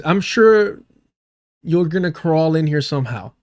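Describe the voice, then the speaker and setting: A man's voice: a little high, lively intonation, a little slow. Sarcastic, profane man hosting a livestream. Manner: addresses chat directly. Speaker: livestream host. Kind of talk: livestream reaction commentary.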